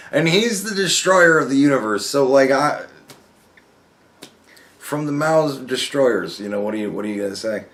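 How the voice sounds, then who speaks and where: In a medium-pitched voice at an ordinary pace, a young vlogger chats loosely, cursing heavily. He laughs a lot and performs his stories with animation.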